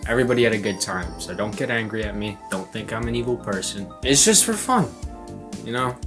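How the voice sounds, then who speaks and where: A young man vlogs an embarrassing story in a casual, animated way, laughing often as guitar music plays behind him. His voice is fairly low in pitch and a little fast.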